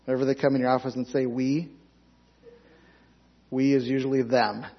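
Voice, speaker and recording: A man's voice: medium pitch, level tone, very fast, slightly rough. A man preaching a sermon, reading scripture aloud and pressing the congregation with emphatic rhetorical questions. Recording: dull lo-fi sound.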